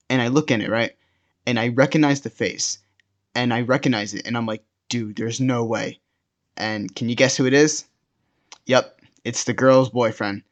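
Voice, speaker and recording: A young man tells a personal story in a casual, rambling way, tripping over his words and repeating himself as he goes. His voice sits at an ordinary pitch for a man, and the recording sounds dull and lo-fi.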